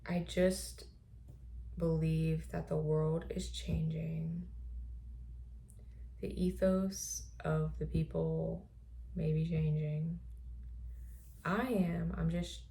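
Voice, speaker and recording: A woman host in a reflective personal monologue, speaking softly and often slipping into a breathy whisper. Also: low voice, little pitch movement, extremely slow, long pauses. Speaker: podcast host.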